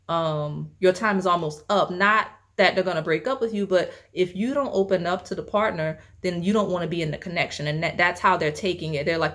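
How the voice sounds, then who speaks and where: A young woman talks through a tarot reading in a loose, rambling way. She uses lots of fillers and restarts and laughs often, and her voice sits a little low for a woman. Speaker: tarot reader. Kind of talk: casual spoken tarot reading.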